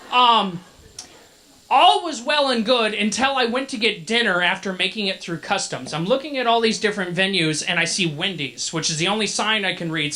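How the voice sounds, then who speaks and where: A man's voice: sits high, bright, forceful tone. A man emceeing a convention masquerade, telling a joking story on a handheld mic as filler. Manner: joking, chatty filler banter. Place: convention event hall. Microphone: handheld microphone.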